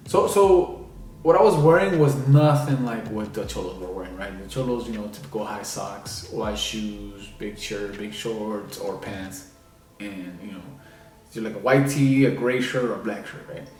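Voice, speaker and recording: A man's voice: on the low side, moderate pace, darkish tone. A young man telling a personal story in a casual, rambling way, with many fillers. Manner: rambling, filler-heavy, lots of "like" and "you know". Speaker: vlogger. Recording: echoey room, distant mic.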